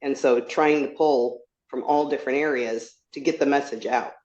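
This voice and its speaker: A woman on a video call, earnestly pitching her podcast at length. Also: steady tone, moderate pace, darkish tone. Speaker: podcast host asking a question. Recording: echoey dull video call audio.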